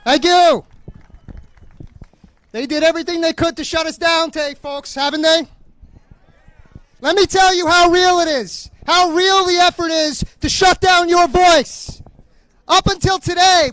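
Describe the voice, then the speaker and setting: A middle-aged man gives a fiery, angry speech as a police union official, shouting to a crowd at an outdoor rally. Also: extremely high pitch, steady tone, measured pace, no echo, rough recording. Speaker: police union vice president.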